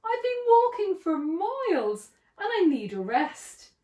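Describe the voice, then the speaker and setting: A woman's voice: very high voice, sing-song, mellow, voice pushed up, exaggerated voice. A woman voicing a weary, clumsy man who moans about his sore feet in a storybook reading. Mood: moaning. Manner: moaning, drawn-out. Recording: roomy echo.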